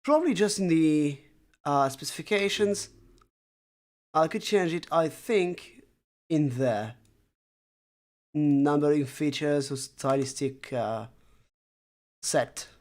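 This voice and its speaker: Slow and a little mellow, this mid-range voice leaves long pauses. It belongs to a streamer constructing a made-up language on stream, talking casually to chat viewers while working, self-mocking and dry, thinking out loud full of fillers.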